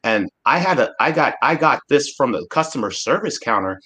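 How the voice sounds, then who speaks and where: A man's voice: medium pitch, big pitch swings, a little fast, bright, forceful tone. A man in his forties from Alaska, a guest speaking earnestly and emphatically in a casual discussion, often restarting his sentences. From Alaska, USA.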